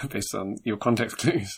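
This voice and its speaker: A man's voice: on the low side, takes it slowly, vocal fry. A man co-hosting a casual chat, dry and sardonic, teasing his friend. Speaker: podcast co-host.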